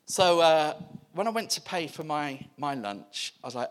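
A man telling stories to a church crowd, with a high, very lively voice that jumps all over the place. He laughs often and acts out the people in his stories. The delivery is warm-hearted and animated. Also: normal speed. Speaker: church speaker. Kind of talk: animated storytelling testimony.

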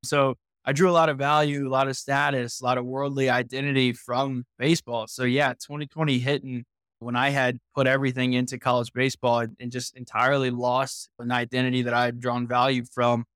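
Young man, from Indiana, podcast guest, earnest and reflective, even flat delivery, dry close sound. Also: medium pitch, a little fast, clear, resonant tone, no echo. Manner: earnest, reflective, frequent "like" and restarts. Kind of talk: personal storytelling in a podcast interview.

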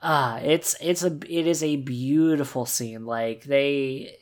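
Podcast co-host, mid pitch, enthusiastic, gushing, swears a lot, casual chat. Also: slow. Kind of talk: casual game discussion.

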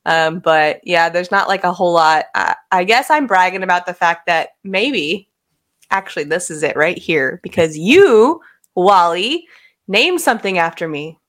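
Female podcast co-host on a video call, slightly low voice, quick and giggly. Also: expressive, fairly bright tone. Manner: quick, giggly, self-deprecating. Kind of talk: casual chat. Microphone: remote video call.

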